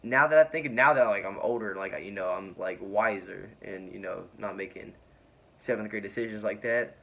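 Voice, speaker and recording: A man's voice: fairly low pitch, moderate pace, gravelly, fairly bright tone. A young man telling a personal story in casual vlog style, rambling with many fillers and laughing often. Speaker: vlogger.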